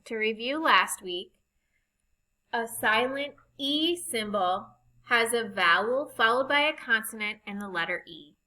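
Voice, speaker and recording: A woman teaching a recorded reading lesson, speaking slowly and deliberately as she spells out vowel sounds. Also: fairly high pitch, animated, bright, forceful tone, rough recording.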